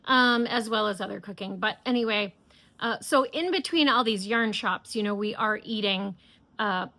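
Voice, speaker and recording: Bright-voiced chatty woman vlogger. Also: medium pitch. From United States. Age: middle-aged. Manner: chatty and enthusiastic, lots of fillers and restarts. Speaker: knitting podcast host. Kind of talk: casual chat.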